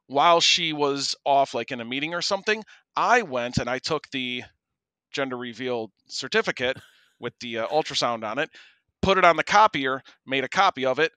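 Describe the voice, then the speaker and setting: A man's voice: medium pitch, normal speed, clean tone, no room sound. A man co-hosting a podcast, telling a story casually and animatedly, acting out the people he quotes. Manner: animated, acts out quoted voices. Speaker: podcast co-host.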